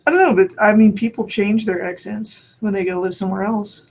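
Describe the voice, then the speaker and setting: A man from New Mexico with a notably high speaking voice. He chats casually and rambles, thinking aloud, restarting sentences and breaking into short laughs. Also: steady tone, fairly quick, gravelly. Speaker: conversation partner. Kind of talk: casual chat.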